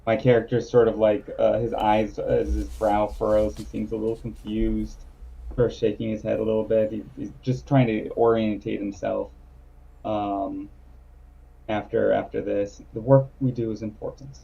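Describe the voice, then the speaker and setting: A man playing in a tabletop game, speaking in a hesitant, halting way. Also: lowish voice, monotone, creaky, dark tone, slightly rough, highs cut off. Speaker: player. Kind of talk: casual tabletop game play.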